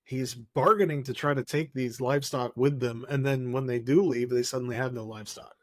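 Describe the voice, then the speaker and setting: A man co-hosting a podcast, questioning the text skeptically and talking in halting restarts. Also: mid-range voice, steady tone, no echo, studio quality. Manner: hesitant, skeptical, many restarts and fillers. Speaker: podcast co-host. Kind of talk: casual discussion.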